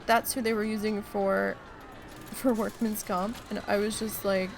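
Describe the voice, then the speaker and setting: A woman streamer telling a story in a casual, animated, exasperated way, with lots of swearing, while she plays a park-building game. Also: mid-range voice, a little slow, vocal fry, slight background noise.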